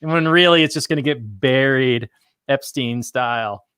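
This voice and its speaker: Co-host, man, mid-pitch, dry close sound, measured and thoughtful. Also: sharp tone, smooth, dry recording. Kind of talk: casual movie review chat.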